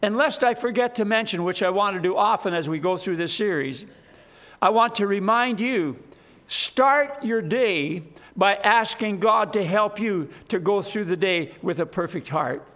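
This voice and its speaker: Slow, high-voiced earnest preacher man. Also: expressive, a bit bright. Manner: earnest, emphatic, rising to fervent appeals. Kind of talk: sermon.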